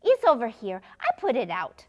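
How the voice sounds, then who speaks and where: A woman's voice: fairly high pitch, huge pitch swings, moderate pace. A woman voicing an eager little boy who loves helping, talking in childlike pretend play with broken grammar, in a puppet show. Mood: proud.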